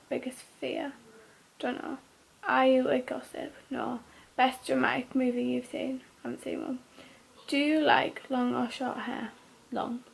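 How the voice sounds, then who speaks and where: A young woman vlogging, reading out quick questions and giving terse, offhand one-word answers. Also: sits high, creaky, husky. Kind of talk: casual question-and-answer vlog.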